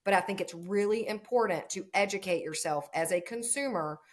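A woman's voice: medium pitch, brisk. A woman farmer in casual conversation, telling stories in a chatty way and acting out the quoted exchanges.

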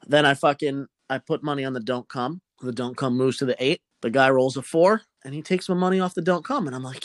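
A man's voice: mid-range voice, fast talker, no room sound. Young male podcast host, casual and profane, rambling storyteller with a dry, close sound.

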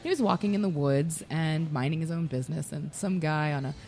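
A woman, a guest on the show, telling an animated story about her brand in a casual interview, recorded in a bar. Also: sits low, fairly quick. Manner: animated storyteller who acts out dialogue. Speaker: whiskey brand representative, guest. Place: busy bar. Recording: bar with faint background music.

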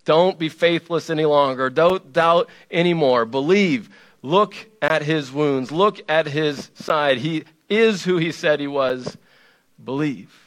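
A man delivers a sermon in a casual, conversational tone, his voice sitting a little on the high side. He leans on repetition to press each point home. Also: slow pace, fairly bright tone. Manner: conversational and playful, with emphatic repetition. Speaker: pastor.

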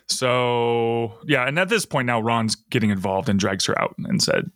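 A man's voice: medium pitch, normal speed, dry recording. Guy hosting a podcast, giggly recap of an episode, mid voice, dry close mic. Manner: laughs often, animated while retelling scenes. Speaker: podcast host. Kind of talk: casual episode recap chat.

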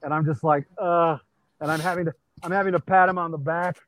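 A man's voice: on the high side, a little fast, slight background noise, rough recording. A male stand-up comedian from California, telling anecdotes casually with lots of "uh" fillers, calling in from a busy venue. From California, USA. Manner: animated anecdotes with many fillers. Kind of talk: casual storytelling. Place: busy comedy venue with people walking around.

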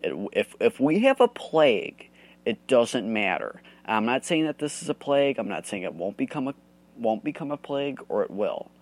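A man's voice: mid-range voice, sing-song, moderate pace, darkish tone. A man from the United States hosting a solo podcast, ranting angrily and swearing a lot. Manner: profane, heated ranting. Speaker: host.

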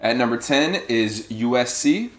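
A man hosting a casual sports podcast, quick and animated, laughing often. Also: mid-range voice, echoey room. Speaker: podcast host.

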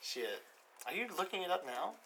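This guy swings his pitch all over while he jokes and ribs his friends. his voice is bright and forward, and he talks loose and salty, easy swearing in a relaxed hangout. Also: normal speed, slight background noise. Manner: joking, teasing, swears freely. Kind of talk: casual chat among friends.

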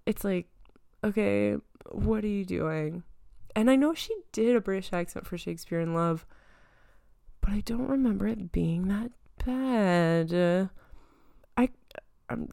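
Chatty woman with a gravelly voice. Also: mid-range voice, a little mellow, no room sound, clean studio sound. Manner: rambling, chatty, trails off and restarts. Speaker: podcast host. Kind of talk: casual chat.

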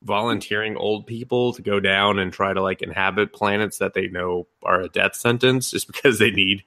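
A man's voice: lowish voice, normal speed. A young man on a casual podcast, retelling a film with lots of swearing, laughter and mocking quoted voices. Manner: animated, profane retelling with laughs and mock quotes. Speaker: podcast co-host. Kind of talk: casual anime podcast chat.

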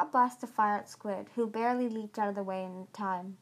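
A woman's voice: mid-range voice, steady tone, fairly quick. A woman reading a novel chapter aloud, earnest, with occasional stumbles and restarts. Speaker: audiobook reader.

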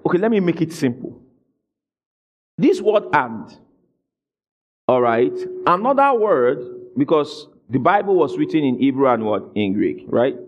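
A man preaching a sermon, asking his congregation questions and rising into shouted emphasis. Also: mid-range voice. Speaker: pastor.

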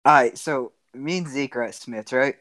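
A young man guest on a casual podcast, telling an exaggerated story in a deadpan way. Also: medium pitch, normal speed, dry recording. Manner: deadpan teller of exaggerated tall tales, laughs at his own jokes. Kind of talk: casual chat.

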